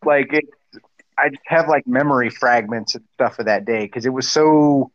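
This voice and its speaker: Veteran guest man, halting and cussing, dry muffled sound. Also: medium pitch, no echo. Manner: halting, profane, hesitant. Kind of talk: casual podcast chat.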